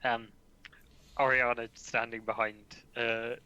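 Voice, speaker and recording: Jokey guy at the game table, bright tense voice. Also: medium pitch, level tone, clean tone, lo-fi sound. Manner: joking, quick. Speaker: player. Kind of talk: casual tabletop game chat.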